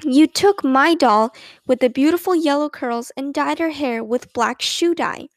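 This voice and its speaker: A woman's voice: high voice, unhurried, dry recording. Woman reading as mother, sensible, good-humored, dry close sound. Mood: fond.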